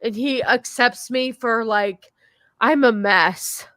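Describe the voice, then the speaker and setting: Tipsy teary woman host, kinda high voice, rambly, dry close sound. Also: slow, fairly bright tone, no room sound. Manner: emotional, rambling, repeats herself. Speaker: podcast host. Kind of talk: casual drunk chat on a stream.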